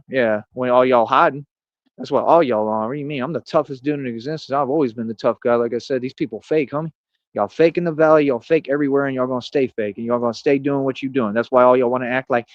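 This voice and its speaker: A man's voice: medium pitch, fast talker, dry recording. A man ranting on a live stream, boastful and confrontational, full of street slang. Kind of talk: casual ranting monologue. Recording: dull lo-fi stream audio.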